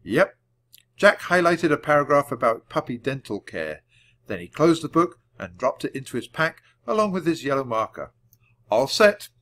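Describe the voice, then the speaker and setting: A man reading a children's book aloud at a clear, measured storytelling pace. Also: medium pitch, big pitch swings, fairly bright tone. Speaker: audiobook reader.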